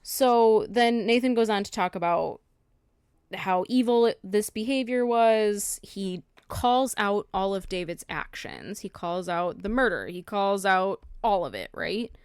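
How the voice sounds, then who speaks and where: Woman podcast cohost, mid pitch, animated bible retelling, dry mic. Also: unhurried, clean tone, dry recording. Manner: animated, reads scripture aloud then paraphrases it in slang. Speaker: podcast co-host. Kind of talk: casual chat retelling a Bible story.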